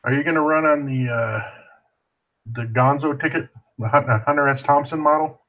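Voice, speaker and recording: A man's voice: a little high, fairly even intonation, normal speed, highs cut off. A man co-hosting a podcast, talking laid-back with dry remarks in casual chat. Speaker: podcast co-host.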